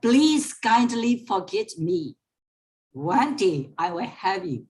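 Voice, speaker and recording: Brief: small apologetic mouse, storybook, played by a woman, polite and pleading, slow. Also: medium pitch, sing-song, a little mellow, recorded from a distance. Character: tiny apologetic male mouse.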